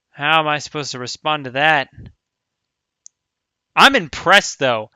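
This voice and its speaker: A man playing a visual novel for his channel, blurting loud, emotional reactions and swearing as he goes. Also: medium pitch, steady tone, moderate pace, clear, resonant tone, no room sound, muffled recording. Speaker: let's play streamer. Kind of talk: casual reaction commentary.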